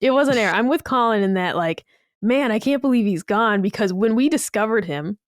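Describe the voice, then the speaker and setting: A woman's voice: fairly high pitch, a little fast, dry recording. Woman cohost, casual rambling chat, lots of likes, dry close mic. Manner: animated storyteller, frequent "like" fillers. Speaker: podcast co-host.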